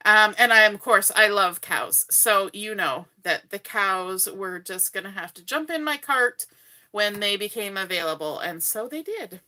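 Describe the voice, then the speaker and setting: A woman's voice: mid-range voice, lively intonation, a little slow, sharp tone. A woman from Canada hosting a live card-making tutorial from home, chatty and greeting viewers by name as she works. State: hiccups. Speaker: crafting livestream host.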